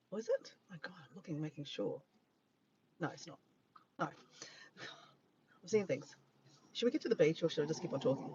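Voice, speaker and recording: A man's voice: on the high side, lo-fi sound, slight background noise. Chatty Australian man vlogging from his car. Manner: chatty, rambling, easily sidetracked. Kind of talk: casual livestream chat. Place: parked car by the beach, early morning. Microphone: handheld phone camera.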